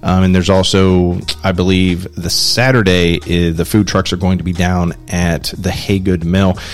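A man's voice: low-pitched, level tone, normal speed. A man hosting a local show, reading out events and chatting in a loose, talkative way. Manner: chatty, loose, with fillers and asides. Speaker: host. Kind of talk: casual interview and local announcements.

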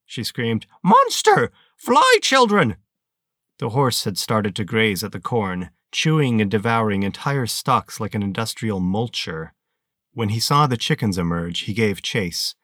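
A man narrating an audiobook in a steady, measured storytelling manner on a close mic. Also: fairly low pitch, no room sound.

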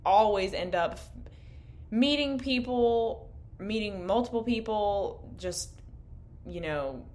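A woman's voice: medium pitch, animated, slow, darkish tone. A young woman co-hosting a podcast, chatting candidly and rambling late at night, swearing freely, her voice a bit worn. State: losing her voice. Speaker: podcast co-host. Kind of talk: casual late-night chat. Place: indoor room, in person.

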